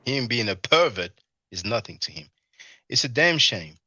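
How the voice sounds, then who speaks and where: Bright, scornful man commenting. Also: mid-range voice, sing-song, moderate pace, husky, no echo. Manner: scornful, mocking, repeats "you see?". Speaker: commentator reacting to a live stream. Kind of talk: casual commentary with chat reading. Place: abroad in Europe.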